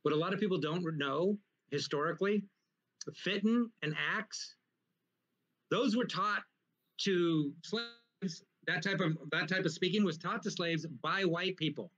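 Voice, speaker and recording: A man hosting a casual talk show, explaining points in an animated, lecturing way with frequent restarts. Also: high voice, unhurried, lo-fi sound. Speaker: podcast host. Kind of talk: casual conversation.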